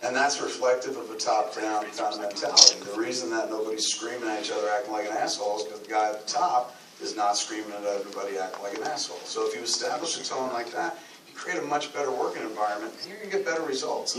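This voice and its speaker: A filmmaker answering audience questions in a live Q&A, talking candidly and profanely in a rambling way. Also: male voice, lowish voice, fast talker. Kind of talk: live Q&A talk. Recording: roomy echo, distant mic, noisy ambience.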